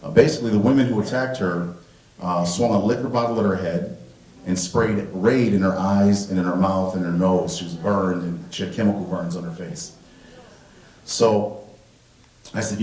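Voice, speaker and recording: A man telling a personal story live on stage, animated and acting out the dialogue. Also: deep voice, a little fast. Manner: animated, acts out the dialogue and laughs at himself. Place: stage at a museum event hall. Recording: roomy hall, distant mic.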